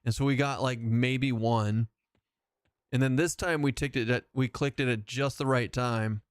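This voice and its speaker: A man's voice: mid-range voice, fairly even intonation, unhurried, clean tone, no echo, studio quality. A man chatting casually as he streams a game live, rambling and self-mocking and laughing often.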